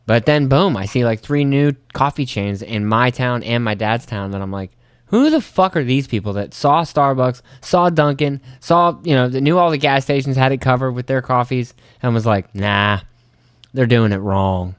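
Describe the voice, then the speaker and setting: A man's voice: animated, normal speed, clean tone, no room sound, studio quality. Profane rambling man telling stories. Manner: profane, rambling, acts out his own reactions in high voices. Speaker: podcast host. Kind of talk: casual solo storytelling.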